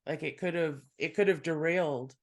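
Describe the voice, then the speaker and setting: A podcast host keeps the talk easy, backing the guest up with frequent affirmations and soft laughter. When sharing their own stories, they speak at a middling pitch, casual and unhurried. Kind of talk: casual interview chat.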